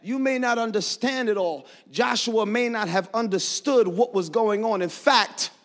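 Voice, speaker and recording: A preacher delivering a fervent sermon in church, worked up, breaking into shouts and laughter. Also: male voice, high voice, unhurried.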